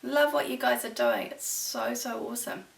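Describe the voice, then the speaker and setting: A woman, a preschool teacher who reads poems and chats to young children in a warm, sing-song, encouraging way. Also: fairly high pitch, moderate pace, creaky. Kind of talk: storytime lesson for young children. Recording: echoey room, voice from far off the mic.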